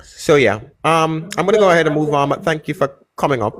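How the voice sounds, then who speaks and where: On a close mic against a noisy background, a live-stream debate host talks bluntly in casual chat, mocking guests and interrupting often. The mid-range voice is animated and a little fast.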